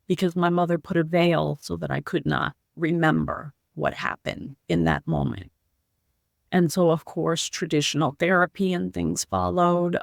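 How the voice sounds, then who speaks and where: Gravelly-voiced woman telling her story. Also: sits low, no room sound, studio quality. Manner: earnest, heartfelt storytelling; slow, halting phrasing with short pauses. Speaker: podcast guest. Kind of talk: personal story told in an interview.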